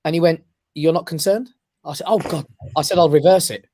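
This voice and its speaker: A man's voice: fairly high pitch, a little fast, slight background noise. Man telling his story. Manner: animated storyteller who keeps checking in with "right?". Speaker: guest. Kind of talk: personal storytelling on a radio talk show. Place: his office.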